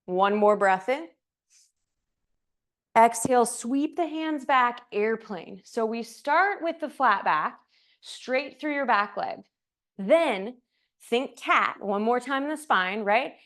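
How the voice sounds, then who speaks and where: A slightly high-pitched woman leads a flowing yoga class, calling each pose in time with the breath. She is a little out of breath as she moves and drops in casual, joking asides between her cues. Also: animated, takes it slowly, fairly bright tone. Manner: breath-paced cues, chatty asides with light laughs. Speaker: yoga instructor. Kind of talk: cueing a live yoga class.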